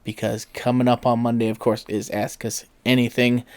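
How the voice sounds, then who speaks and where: A man hosting a casual podcast, signing off in a relaxed way with a few uhs. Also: medium pitch, moderate pace. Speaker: podcast host.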